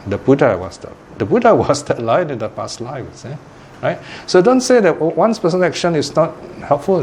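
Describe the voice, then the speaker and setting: A man giving a dharma talk, telling a parable in a lively, animated way and often laughing. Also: medium pitch, slight background noise. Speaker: Buddhist teacher.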